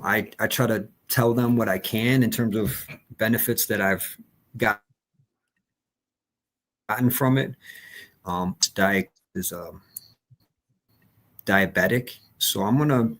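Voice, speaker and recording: A male host in a casual live-show chat who talks hesitantly, with many pauses and ums. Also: on the low side.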